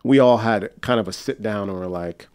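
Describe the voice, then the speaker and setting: A young American man, on as a guest, speaks at normal speed in a fairly low, smooth, slightly mellow voice captured in a dry recording. He tells a rambling story casually, with plenty of fillers and restarts, and voices the characters he quotes.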